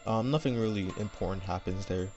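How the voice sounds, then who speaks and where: A man with a lowish voice retells his fan story without a script, wandering through fillers and checking in with "right?". He is recorded at home on a desk microphone that sounds dull and lo-fi. Faint music runs underneath. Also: fairly quick, a little mellow. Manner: rambling, full of fillers and "right?" asides. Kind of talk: unscripted casual story retelling. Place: home room.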